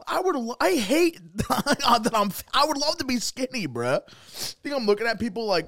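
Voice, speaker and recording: A man's voice: very high voice, sing-song, moderate pace, hardly any pauses, a bit bright, dry recording, clean studio sound. A man co-hosting a casual podcast, laughing often and swearing casually, gagging and teary-eyed. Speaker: podcast co-host. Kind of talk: casual comedic podcast chat.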